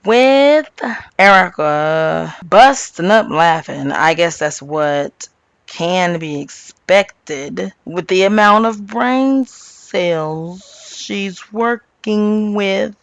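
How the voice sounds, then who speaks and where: A woman's voice: fairly low pitch, lively intonation, drawn-out words, vocal fry, smooth, no room sound. A woman casually recapping a reality show, with blunt, sassy and opinionated asides. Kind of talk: casual gossip recap commentary.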